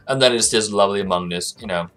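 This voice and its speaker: A man hosting a casual live stream about trading, chatting loosely and reading viewer messages aloud. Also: on the low side. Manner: rambling and chatty, reads viewer chat aloud. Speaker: livestream host, forex trading analyst.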